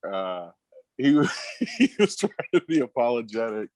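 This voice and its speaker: Man, 30s, podcast guest, easygoing halting storyteller, mid-pitched, dry close sound. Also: no echo. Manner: relaxed, halting, laughing storyteller. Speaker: guest, former pro basketball player.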